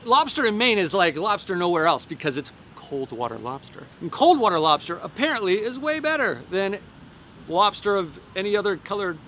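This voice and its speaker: High, bright-voiced storytelling man. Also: moderate pace, a little hiss or hum. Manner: animated, folksy, with repeated phrases. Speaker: life coach. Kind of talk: storytelling to camera.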